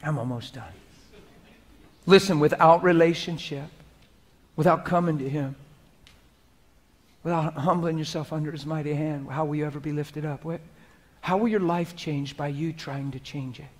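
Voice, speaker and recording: Middle-aged male preacher, fairly high voice, soft prayer turning loud and lively, live church sermon. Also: normal speed, long pauses. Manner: swings from hushed prayerful murmur to loud animated laughing storytelling. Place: church hall before a live congregation.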